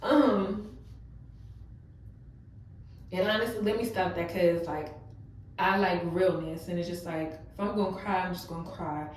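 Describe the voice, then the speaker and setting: A young vlogger with a fairly low voice speaks at a normal speed in a steady tone, yet her heart-to-heart with viewers is open and emotional and full of casual fillers. She's far from the mic in an echoey room, with a little hiss or hum.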